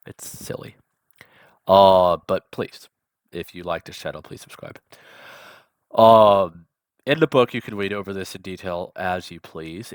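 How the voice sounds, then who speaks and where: A language tutor with a low voice gives a lesson in a casual, chatty style, enunciating carefully and tossing in offhand asides. The studio-quality recording has no room sound.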